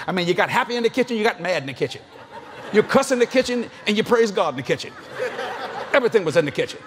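A man's voice: high voice, very animated, fast, fairly bright tone. A male preacher with a Cajun Louisiana accent, telling folksy, joking stories in a sermon and laughing often. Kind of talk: sermon storytelling.

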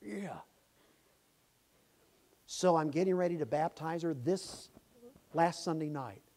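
A pastor preaching a sermon, impassioned and rising to shouts. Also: male voice, on the high side, slow pace. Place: church sanctuary.

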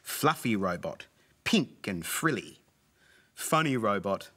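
A man's voice: mid-range voice, big pitch swings, a little slow. A man presenting a children's show, reading a rhyming story and singing with playful robot beeps. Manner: playful, sing-song, beeping robot noises. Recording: loud music bed behind voice.

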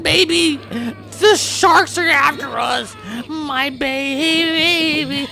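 A woman's voice: sits high, gravelly, a bit bright, a little hiss or hum, heavily acted. A woman voicing a doting, protective new mother dolphin over gameplay, gushing and melodramatic.

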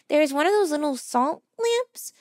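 A young adult woman telling a funny personal story in a casual, animated, self-deprecating way, acting out what people said. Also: sits high, takes it slowly, no room sound, clean studio sound. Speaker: vtuber storyteller.

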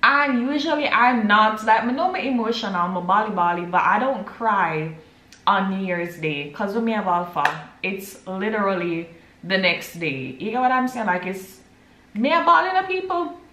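A woman's voice: mid-range voice, normal speed, bright, forceful tone, slight background noise. A young Jamaican woman chatting casually to her vlog audience at home, switching between patois and English. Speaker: vlogger. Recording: roomy echo.

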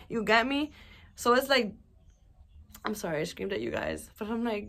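A woman's voice: on the high side, a little fast. A young woman vlogger telling a personal story in a casual, rambling way, full of fillers and swearing. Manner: rambling, animated, swears a lot, many fillers.

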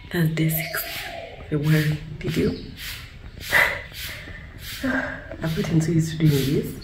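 A young woman from Uganda talking casually to her phone camera in a vlog, chatty and often sliding into soft half-whispered asides. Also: low voice, takes it slowly, long pauses, background noise. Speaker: vlogger.

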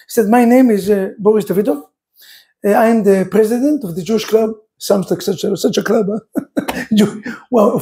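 A man, a rabbi from Israel with an Israeli accent and Hebrew as his first language, preaching in broken English and acting out the people in his story. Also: extremely high pitch. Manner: animated, acts out dialogue, broken English. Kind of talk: sermon with storytelling.

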